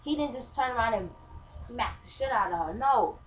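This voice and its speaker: A woman's voice: fairly high pitch, lively intonation, normal speed. A woman chatting in a casual vlog, heated and passionate as she argues her point. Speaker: vlogger. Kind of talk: casual opinion chat. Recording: dull lo-fi webcam sound with faint hiss.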